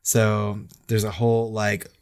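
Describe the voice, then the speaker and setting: A man's voice: lowish voice, completely flat delivery, takes it slowly, vocal fry, a little mellow, clean tone. Enthusiastic laughing male podcast co-host. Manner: enthusiastic, laughing, swearing casually. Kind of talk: casual chat.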